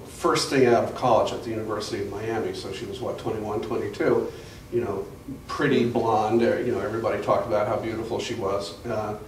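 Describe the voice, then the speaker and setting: An older man telling rambling family anecdotes to an audience at a museum talk, often restarting his sentences. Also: on the low side. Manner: rambling storyteller with frequent restarts and fillers. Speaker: guest speaker at a museum talk. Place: museum gallery, recorded from the audience. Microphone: distant camera mic. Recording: echoey room from far off, faint hiss.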